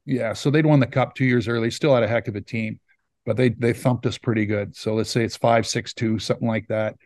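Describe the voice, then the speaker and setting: A man's voice: mid-range voice, fairly even intonation, brisk, darkish tone, no room sound. A man in his fifties, a podcast guest telling rambling stories in a casual way. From Saskatchewan, Canada. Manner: rambling, acts out quotes. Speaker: podcast guest, former hockey player. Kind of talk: casual storytelling.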